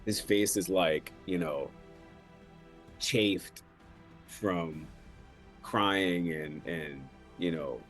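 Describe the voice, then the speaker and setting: Deep, slow, halting man. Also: fairly bright tone, soft background music. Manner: halting, searching for words with many fillers. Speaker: player. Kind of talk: narrating his character in a tabletop game.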